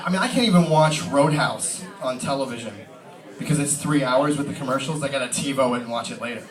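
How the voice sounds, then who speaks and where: A man doing a stand-up comedy set in a pub, rambling and full of fillers, recorded from a distant camera. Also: mid-range voice. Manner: rambling, filler-heavy, casual storytelling. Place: pub stage. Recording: roomy pub sound from a distant mic.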